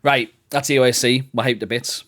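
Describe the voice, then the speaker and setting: A young man co-hosting a casual chat, excitable, laughing a lot and calling his friend "mate". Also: medium pitch, brisk. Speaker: podcast co-host.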